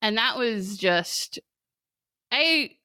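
A woman's voice: fairly high pitch, lively intonation, very slow, pushed and bright, dry recording. A young woman with an Australian accent, a podcast guest speaking candidly in casual conversation, laughing often and filling her sentences with "like". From country Victoria, Australia. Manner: chatty, laughs often, fills with "like".

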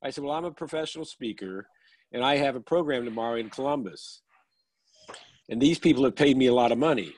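A man's voice: medium pitch, fairly quick, a little mellow, poor audio. Man telling a dry-humored anecdote. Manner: dry punchline delivery. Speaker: professional speaker. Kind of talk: storytelling anecdote. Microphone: phone or video call.

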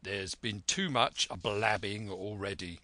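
A man's voice: lowish voice, bright, forceful tone, no echo. A man playing a stern, blunt sea captain. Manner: measured, deliberate, firm.

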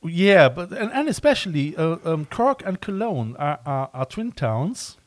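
A man hosting a casual podcast interview, talking in halting phrases full of restarts and fillers. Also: fairly high pitch, big pitch swings, no room sound. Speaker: podcast host.

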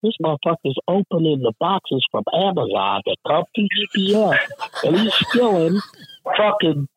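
A union representative tells a workplace story in casual, heavily profane talk, animatedly acting out the voices of the people involved. His voice is a little high and breathy at a moderate pace, recorded with no room sound in low quality.

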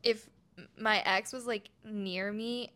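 A woman's voice: mid-range voice, takes it slowly. A woman in her twenties from Oregon, telling a personal story frankly and animatedly as a podcast guest. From Oregon, USA. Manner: frank, animated, drops into quoted voices.

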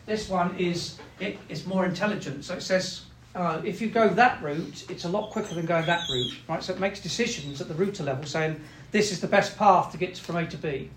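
A man's voice: sits high, fairly quick, fairly bright tone, echoey room, a little hiss or hum. A man teaching a classroom lesson, explaining step by step, often checking in with "right?" and acting out what machines say. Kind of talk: classroom lecture.

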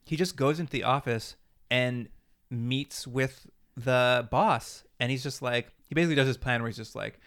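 A man's voice: mid-range voice, normal speed, fairly bright tone, clear, resonant tone. A man co-hosting a podcast, retelling TV episode scenes in casual chat and acting out the characters' lines. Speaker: podcast co-host.

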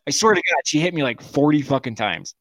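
A man's voice: fairly high pitch, lively intonation, brisk, fairly bright tone, no echo, studio quality. A man in his forties co-hosting a podcast, telling crude stories in casual chat and laughing often. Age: 40s. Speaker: podcast co-host.

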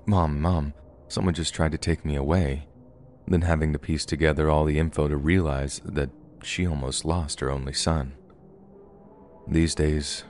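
A man with a remarkably deep voice recounts a frightening childhood memory in a relaxed, chatty manner. His telling is conversational, and a faint background hiss sits under the recording. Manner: casual, conversational storytelling. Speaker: narrator. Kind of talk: first-person horror story narration.

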